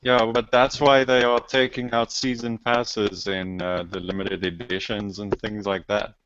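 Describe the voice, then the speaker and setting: A man with a lowish voice talks in a measured, hesitant way on a gaming podcast, pausing on fillers. The audio is dull and lo-fi. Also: flat delivery, noisy background. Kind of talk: opinionated podcast discussion.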